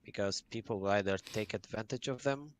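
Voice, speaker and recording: A man's voice: fairly low pitch, brisk, slight background noise. A man as a podcast guest, earnestly explaining game tactics in casual chat.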